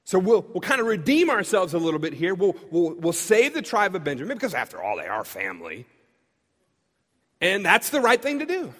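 A man preaching, casually retelling a story in a lively, conversational way. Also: high-pitched, brisk. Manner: lively, conversational, acts out quotes. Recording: long hall reverb.

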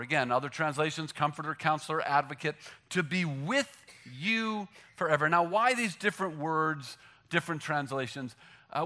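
Bright, high-voiced, animated preacher. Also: male voice. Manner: animated, joking, shifts from loud punchlines to hushed emphasis. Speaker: pastor. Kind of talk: sermon.

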